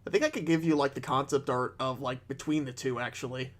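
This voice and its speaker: A young man co-hosting a podcast, joking casually and trailing off into soft mumbles. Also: medium pitch, quick pace. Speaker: podcast co-host. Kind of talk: casual chat.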